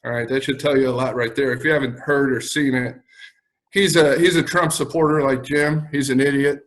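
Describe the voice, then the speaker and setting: A man's voice: mid-range voice, fairly even intonation, brisk, fairly bright tone, low-quality recording. A man with a Chicago accent, a guest on a podcast, talking bluntly and swearing freely in casual chat. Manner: blunt, profane.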